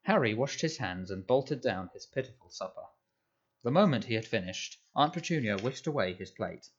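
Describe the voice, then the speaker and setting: A man narrating a children's novel in measured, scripted storytelling. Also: medium pitch, lively intonation, dull audio. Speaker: audiobook narrator.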